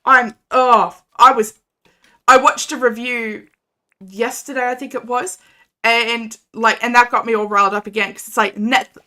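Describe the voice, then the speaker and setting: A young woman chats away to her stream audience. Her voice is bright and sits a little high, and she tumbles easily into animated, chatty rants. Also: a little slow. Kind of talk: casual game stream chat.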